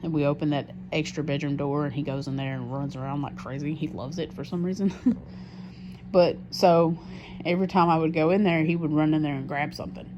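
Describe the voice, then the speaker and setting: A woman with a low voice talks through a rambling, candid diary entry, swearing freely and circling back on herself with fillers. The sound is muffled and lo-fi. A steady hiss of background noise runs under her. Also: fairly quick. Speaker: diary vlogger. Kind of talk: casual confessional diary talk.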